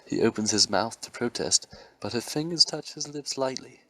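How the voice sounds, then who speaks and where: A man narrating an amateur story reading in a steady, dramatic way. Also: medium pitch, normal speed, dry recording, rough recording. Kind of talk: amateur reading of erotic fiction.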